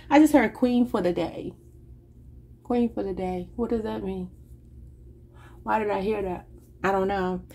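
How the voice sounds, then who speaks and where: In a mid-range, dark-toned voice, a woman does a laid-back tarot reading, thinking aloud and rambling in a chatty, informal style that includes "y'all."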